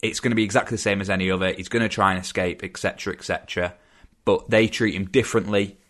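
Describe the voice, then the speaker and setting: A young man chatting casually on a film podcast, relaxed and quick to laugh. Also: fairly low pitch. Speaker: podcast host.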